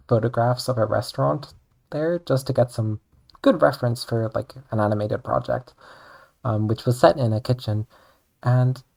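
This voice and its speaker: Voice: mid-range voice, gravelly, darkish tone. A young adult speaker with an Irish accent who streams and draws, chatting casually and rambling, with "like" in nearly every sentence. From Ireland. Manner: rambling, chatty, says "like" often. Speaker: streamer and artist. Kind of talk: casual chat while drawing.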